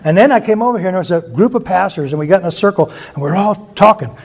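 High-pitched guy preaching, tells long rambly stories, keeps restarting. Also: lively intonation, very fast, darkish tone. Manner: rambling, anecdotal, many restarts. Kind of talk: sermon storytelling.

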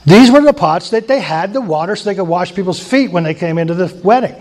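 A man's voice: sits high, lively intonation, fast, a little mellow. A man preaching an informal sermon, conversational, with chuckling asides and emphatic repetition.

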